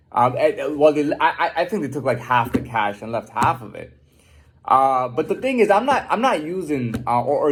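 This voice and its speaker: A man's voice: mid-range voice, husky. A man delivering an unscripted, profane, defiant monologue rant, often repeating and restarting his words.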